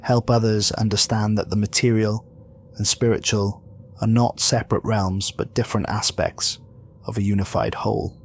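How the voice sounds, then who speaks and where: A man voicing a calm, commanding archangel who speaks gently but with solemn, measured authority. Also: lowish voice, a little hiss or hum, lightly acted. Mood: gentle.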